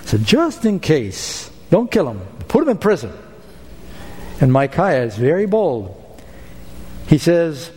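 Brief: male pastor, emphatic storytelling sermon, voice a touch high, long hall reverb. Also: huge pitch swings, slow, pauses often, warm tone, breathy edge.

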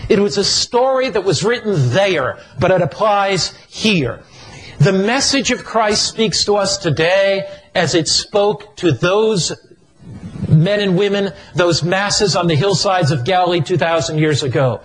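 A man preaching a sermon in a slow, emphatic, repetitive cadence. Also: high-pitched, low-quality recording.

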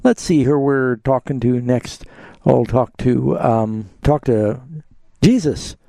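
A man's voice: mid-range voice, takes it slowly, creaky, mellow, no room sound. A man hosting a live call-in radio show, answering Bible questions and leading callers with simple questions. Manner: pastoral, asks leading questions.

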